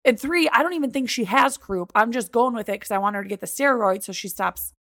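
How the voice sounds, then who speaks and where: A young woman chatting casually on a podcast, her voice carrying a lot of gravelly fry. She retells events with animation, playing out each side of the conversation. The sound is dry and close. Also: on the high side, fast talker, no echo. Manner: animated retelling, acts out both sides of quoted dialogue. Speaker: podcast co-host. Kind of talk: casual storytelling chat.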